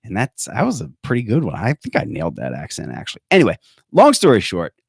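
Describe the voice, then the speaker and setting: A man's voice: on the low side, wildly swooping pitch, quick pace, vocal fry, husky, no room sound, clean studio sound. A man hosting a podcast in casual chat, rambling and joking, with lots of fillers and restarts. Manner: rambling, joking, self-correcting with many fillers. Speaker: podcast host.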